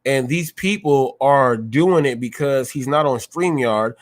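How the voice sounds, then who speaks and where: A man's voice: mid-range voice, measured pace. A man hosting his own live show, ranting combatively at viewers and repeating phrases for emphasis. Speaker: live-stream show host. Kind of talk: heated live-stream rant.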